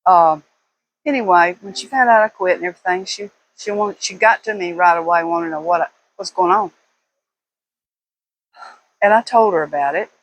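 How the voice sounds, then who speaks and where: A woman's voice: lowish voice, rough recording. Older woman rambling through memories. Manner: rambling, reminiscing, with slow pauses and fillers. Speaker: vlogger. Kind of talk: casual monologue to viewers.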